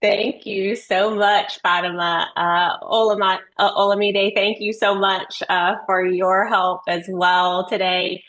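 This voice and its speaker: A woman who is an oncology nurse, speaking as the guest on a webinar and thanking her hosts in an unhurried way. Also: medium pitch, flat delivery, a bit bright. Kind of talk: webinar talk. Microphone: video call.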